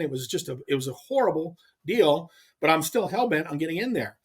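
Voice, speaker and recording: A man as a guest telling a long, animated story in casual chat, emphatic and rambling. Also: fairly high pitch, brisk, slightly rough. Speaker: guest angler.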